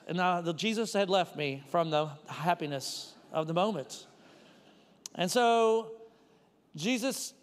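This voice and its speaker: A man's voice: high voice, in a large hall. A man preaching a casual, conversational sermon, full of personal stories and "like" fillers. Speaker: pastor.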